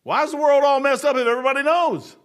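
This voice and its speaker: High-voiced man in his sixties preaching. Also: fairly even intonation, fast. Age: 60s. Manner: emphatic, folksy, repetitive. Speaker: pastor. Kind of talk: sermon.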